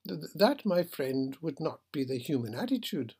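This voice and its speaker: A man with a husky voice reading the part of a calm, philosophical ship captain who reasons gently. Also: fairly high pitch, moderate pace, heavily acted. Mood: serene.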